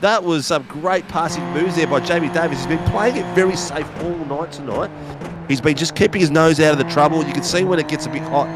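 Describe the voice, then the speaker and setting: A man with a croaky voice, giving rambling, jokey live race commentary. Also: on the high side, quick pace. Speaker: sim racing commentator. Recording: loud race car engine noise behind.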